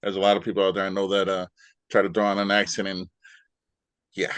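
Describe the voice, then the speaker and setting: A woman with an extremely low voice hosts a casual interview, opening her questions with hesitant fillers and laughing along with her guest. The sound is dry and close, with little sense of the room around her. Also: completely flat delivery, quick pace, no room sound. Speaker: interview host.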